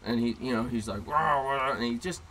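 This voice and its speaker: A man co-hosting a casual podcast, telling a story in a brash, profane, animated way, recorded in a car. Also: mid-range voice, fast, slightly rough, rough recording. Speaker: podcast co-host. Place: inside a car.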